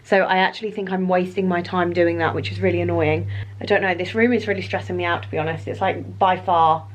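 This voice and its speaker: A woman's voice: fairly low pitch, fairly even intonation, fast talker. A British woman in her thirties chatting casually to camera in a rambling, self-deprecating vlog. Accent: British English. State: pregnant. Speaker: vlogger.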